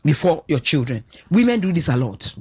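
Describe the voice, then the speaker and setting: A middle-aged woman with a Nigerian accent, a radio guest on parenting, telling stories with lively shifts of voice in a studio talk show. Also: low-pitched, brisk, breathy edge. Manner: animated storyteller, acts out quotes with shifts of voice.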